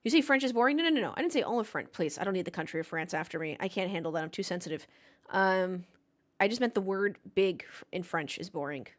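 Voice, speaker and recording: A woman's voice: lowish voice, expressive, quick pace. A woman streaming a race watchalong, talking casually into a desk mic. She jokes around and answers her live chat in a playful, chatty way.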